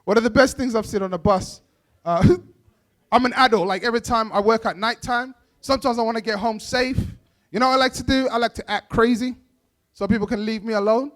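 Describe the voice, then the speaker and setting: A man doing a stand-up comedy set, telling animated stories and acting out characters. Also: extremely high pitch, brisk. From Bangladesh. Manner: animated storytelling, acts out characters, laughs often. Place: event stage.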